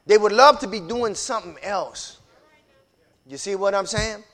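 An emphatic preacher man with a high, bright voice. He talks in a loose, repetitive preaching style and builds up to shouting at times. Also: moderate pace. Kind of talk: preaching-style casual talk.

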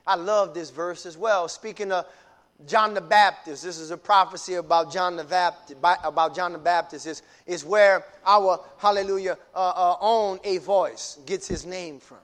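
A man preaching a sermon, moving from quiet teaching into shouted, fervent delivery while calling out to his congregation. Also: high-pitched, fairly even intonation, moderate pace.

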